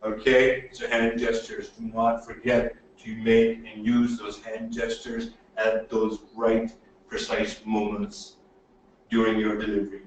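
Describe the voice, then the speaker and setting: A man giving a webinar lecture on presentation skills, emphatic and animated, often checking in with "okay?". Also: on the low side, unhurried, very echoey, far from the mic, dull audio, slight background noise. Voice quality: animated, swings loud and soft.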